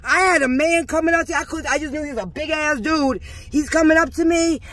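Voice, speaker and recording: A woman's voice: high-pitched, fairly quick, fairly bright tone, no echo. A woman vlogger intensely recounting a church confrontation to her viewers, agitated and preachy, calling them y'all. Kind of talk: emotional first-person recounting to viewers.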